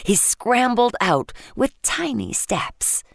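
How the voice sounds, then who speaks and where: Gentle woman reading a bedtime story. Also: fairly high pitch, slow pace, gravelly, background noise. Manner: gentle, expressive, with sound effects. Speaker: narrator. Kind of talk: children's bedtime story narration.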